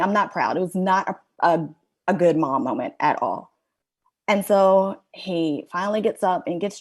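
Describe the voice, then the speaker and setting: A middle-aged woman with a fairly low voice tells a personal story as a podcast guest. She is candid and rambling, and she leans on "like" and "you know" as she goes. The talk is loose and conversational.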